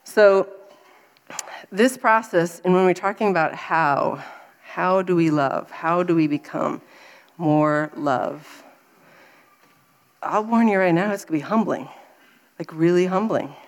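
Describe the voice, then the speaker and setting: A woman in her thirties speaking to a gathering in a lively, expressive voice. She tells a personal story in a faith talk, acting out her own exasperation with big swings in tone. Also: fairly low pitch, slow, pauses often.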